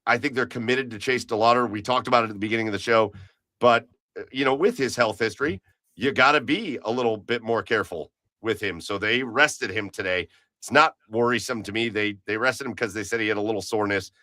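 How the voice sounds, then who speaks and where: A man's voice: on the low side, a little fast, sharp tone, dry recording. A man co-hosting a podcast, chatting casually about baseball in a rambling way, full of restarts. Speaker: podcast co-host. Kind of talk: casual sports chat.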